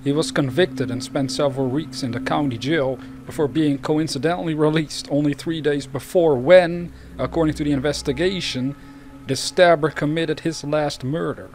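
A man's voice: on the high side, moderate pace, a little mellow. A man hosting a true crime channel, reading cases aloud and breaking off into rambling, chatty asides.

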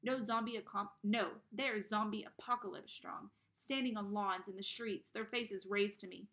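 A woman reading a novel aloud, narrating in the first person in an expressive, dramatic way. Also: mid-range voice, normal speed. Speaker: reader.

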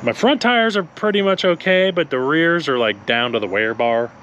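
A man's voice: fairly high pitch, animated, moderate pace, fairly bright tone, lo-fi sound, slight background noise. A man co-hosting a car vlog, telling a road-trip story in a rambling way with a lot of laughing. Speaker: co-host of car channel. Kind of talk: casual chat, storytelling.

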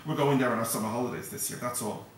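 A man's voice: mid-range voice, fairly even intonation, quick pace, a little hiss or hum, lightly acted. A man voicing a confident, well-mannered seven-year-old boy who talks in a precocious, earnest way. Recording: echoey hall, distant mic.

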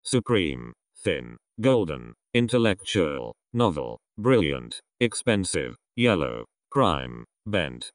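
A man reading a list of vocabulary words aloud one at a time, in a slow, measured way with pauses. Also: extremely low pitch, very animated, dry recording, clean studio sound. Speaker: vocabulary reader.

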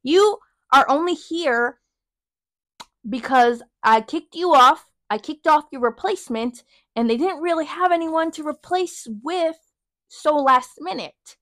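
A woman's voice: high voice, a little slow, no echo. Sassy young woman ranting, dry close mic. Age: young adult. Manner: animated, profane, sassy. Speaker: podcast host. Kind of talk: casual storytelling rant.

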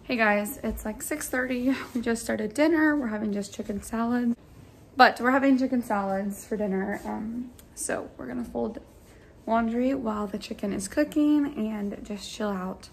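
A woman's voice: on the high side, moderate pace, a little hiss or hum. A young adult woman, a kindergarten teacher, talking in a chatty, conversational way to her vlog audience. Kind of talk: casual vlog chat.

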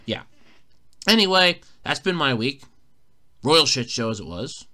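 A man's voice: medium pitch, sing-song, a little slow, long pauses, sharp tone. A man hosting a casual solo podcast, telling an exasperated, swearing story, recorded in a borrowed room at a fire company. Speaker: podcast host.

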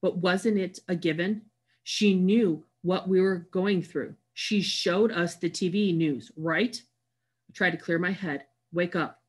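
A woman reads a novel aloud in the first person, giving it an expressive storytelling delivery. Her voice is pitched fairly low. It sounds like audiobook narration.

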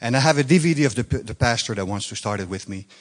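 French-Canadian man preaching with a warm joking lilt. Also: mid-range voice, lively intonation, fast talker. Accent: Quebec French. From Quebec, Canada. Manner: chatty, joking asides, bursts of enthusiasm. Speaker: guest minister. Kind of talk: informal sermon. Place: church meeting on stage.

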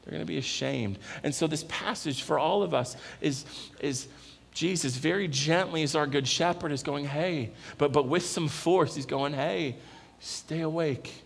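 A man delivers a sermon in a raspy, gravelly voice pitched a little high. He presses the congregation with earnest, repeated questions. The sound rings with the long reverb of a church hall. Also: moderate pace. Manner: earnest, repetitive rhetorical questions. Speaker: pastor. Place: church sanctuary.

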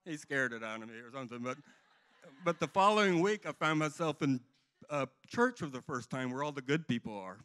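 A man's voice: medium pitch, lively intonation, brisk, a bit bright. A middle-aged man giving a rambling, earnest personal testimony to a church congregation. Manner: earnest, rambling storytelling with restarts.

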